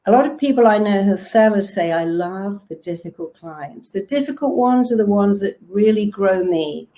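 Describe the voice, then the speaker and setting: A woman, a therapist giving a lively motivational talk and acting out quotes as she tells stories. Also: medium pitch, fairly quick. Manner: lively storytelling with acted-out quotes. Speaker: therapist and self-help speaker.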